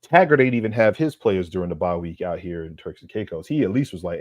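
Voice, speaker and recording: A man's voice: low voice, expressive, quick pace, few pauses, darkish tone, no echo, studio quality. A man co-hosting a sports podcast, ranting in a fired-up, profane way, full of streetwise slang and repeated lines for emphasis. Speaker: podcast co-host. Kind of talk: heated sports roast rant.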